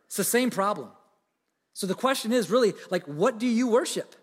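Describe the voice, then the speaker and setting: A man's voice: high voice, expressive, normal speed, husky. A man preaching a sermon, earnest and conversational, often restarting his sentences. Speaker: pastor. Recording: long reverb of a large hall.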